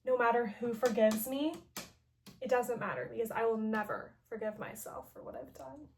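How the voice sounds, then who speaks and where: A woman's voice: on the high side, moderate pace, darkish tone, recorded from a distance, slight background noise, close to an everyday voice. Woman paraphrasing a tormented vampire hunter. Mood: anguished. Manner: casual paraphrase.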